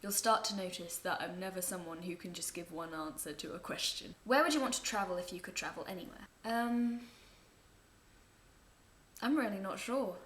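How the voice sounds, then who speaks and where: A woman's voice: lowish voice, normal speed, a bit bright. A young woman, chatting to camera at home as she answers viewer questions, rambling and amused by her own asides. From England. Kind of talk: casual chat to camera. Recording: echoey room, faint background noise.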